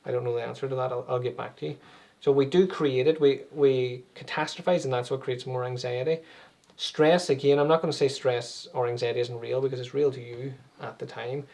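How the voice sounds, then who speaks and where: A man's voice: medium pitch, fairly even intonation, brisk, gravelly, a little mellow. A man, an anxiety and meditation coach, explaining things conversationally with everyday examples as an interview guest.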